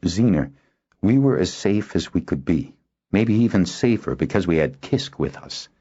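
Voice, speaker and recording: A man voicing a calm, firm young boy. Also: sits low, moderate pace, husky, pitched above the performer's own voice, heavily acted. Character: young boy, quiet and steady. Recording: dull lo-fi recording.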